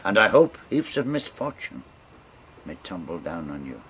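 A battered, furious gang captain, put on by an old storyteller spits out a long string of curses, his gravelly voice rising louder and higher than usual. Steady background hiss sits under the storybook rant. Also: a little slow, heavily acted. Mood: cursing rage. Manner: ranting, cursing loudly.

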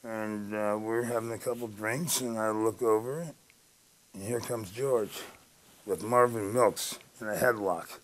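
A man's voice: fairly low pitch, fairly even intonation, unhurried, poor audio. A former ballplayer telling a rambling anecdote in an interview, acting out the dialogue as he goes. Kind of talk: storytelling interview.

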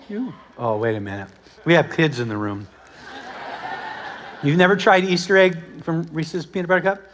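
Animated American pastor, high voice. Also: male voice, slight background noise. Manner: animated storytelling, acts out dialogue, swings between loud and hushed. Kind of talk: sermon. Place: church auditorium with live congregation.

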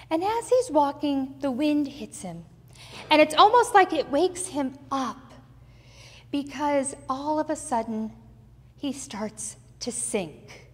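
A woman pastor preaching a sermon, telling the story with dramatic pauses, in a church. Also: high-pitched, animated, darkish tone, long reverb tail. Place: church sanctuary.

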